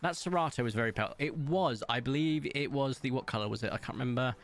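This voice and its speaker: A man streaming a game, chatting casually, reading viewers' messages aloud and telling stories, with big playful jumps in pitch. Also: quick pace, soft background music. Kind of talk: casual chat while gaming, reading chat aloud.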